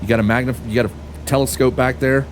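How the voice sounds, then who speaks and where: A man's voice: medium pitch, steady tone, fast, slight background noise. A man commentating on his flight sim play in a sarcastic, frustrated rant with frequent swearing. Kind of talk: casual game commentary.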